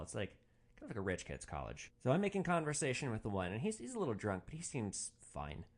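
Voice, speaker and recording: Male podcast host with a lively, varied delivery, relaxed and profane as he tells stories. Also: mid-range voice. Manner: animated, swears freely. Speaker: podcast host, rideshare driver. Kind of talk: casual storytelling monologue.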